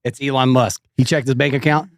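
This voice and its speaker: Dry, grumbling male bassist co-host. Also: steady tone, a little fast, dry recording. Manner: dry, grumbling, swears when he vents. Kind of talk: casual chat.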